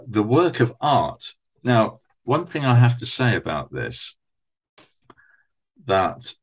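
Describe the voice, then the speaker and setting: A man co-hosting a podcast, methodically reading out actors' credits and dates in a casual chat about old television. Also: fairly low pitch. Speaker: podcast co-host.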